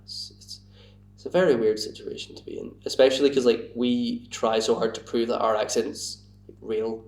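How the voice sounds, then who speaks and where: A young Scottish man talks at an ordinary pitch in a loose, rambling way, padding his sentences with "like" and poking fun at himself. He sounds a bit far from the mic, and the room rings with echo. It is casual podcast chat. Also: steady tone, normal speed, a little mellow. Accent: Scottish, Glasgow area. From Scotland. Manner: rambling, lots of "like", self-mocking. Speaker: podcast guest, bar worker.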